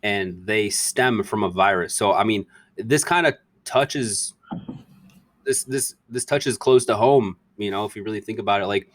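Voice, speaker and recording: Male podcast host, lowish voice, loose rambling delivery, dry mic. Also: a little slow, dry recording. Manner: loose, rambling, laughs easily. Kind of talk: casual podcast chat.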